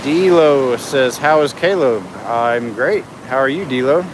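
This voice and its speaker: A man's voice: mid-range voice, animated, slow pace. A middle-aged man on a casual live stream. He reads out viewer comments and narrates what he sees from a beach inlet, filming on a phone. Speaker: livestream host. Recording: outdoor noise in the background.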